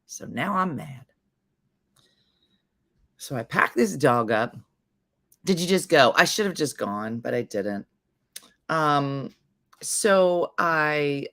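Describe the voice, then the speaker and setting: A woman's voice: deep voice, sharp tone, no room sound, studio quality. A woman hosting a morning show, telling a comedic story in a chatty, sarcastic way and acting out both sides of the conversation.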